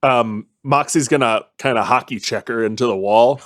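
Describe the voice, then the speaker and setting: A man's voice: medium pitch, moderate pace, few pauses, fairly bright tone, no echo. Man, tabletop player, laid-back, blunt, dry close sound. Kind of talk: casual tabletop play.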